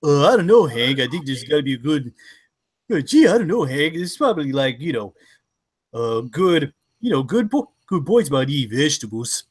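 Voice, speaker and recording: A man's voice: a little high, big pitch swings, moderate pace, breathy edge, pitched below the performer's own voice. A man voicing a timid, stammering middle-aged cartoon neighbor who keeps hedging. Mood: unsure. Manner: hesitant, stammering.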